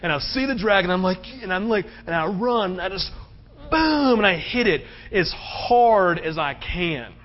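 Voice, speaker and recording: A male pastor with a fairly high voice preaches a sermon a little slowly, surging emphatically to loud, high-pitched peaks. He tells stories in an animated way, often adding "right?" asides. The recording is muffled, dull, and lo-fi.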